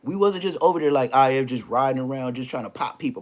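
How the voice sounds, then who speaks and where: A middle-aged man recounting street drama in a casual, animated storytelling rant, full of slang and repeated phrases. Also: mid-range voice, quick pace.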